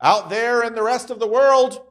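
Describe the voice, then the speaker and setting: A man's voice: very high-pitched, moderate pace. A man teaching a Sunday school class at church, talking conversationally and acting out little voices in his examples.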